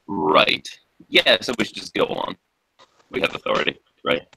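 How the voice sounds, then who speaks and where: A man's voice: low-pitched, animated, moderate pace, vocal fry, pushed and bright, no echo, rough recording. A man playing a tabletop game over online voice chat, laid-back and joking. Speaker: player.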